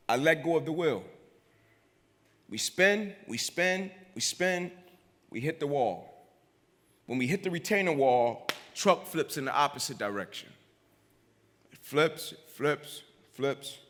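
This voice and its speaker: A man giving a motivational keynote, telling his story dramatically and using repetition to build tension, with sudden drops to a hush. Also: a little high, lively intonation, takes it slowly, pauses often. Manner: builds intensity with repetition, swings between loud and hushed. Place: large event venue on stage. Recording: long reverb of a big live hall.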